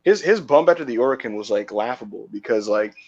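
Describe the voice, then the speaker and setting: A man's voice: medium pitch, animated, fast, a little mellow. A man co-hosting a podcast in casual chat, often stammering and repeating words as he starts a thought. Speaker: podcast co-host. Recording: slightly dull lo-fi mic.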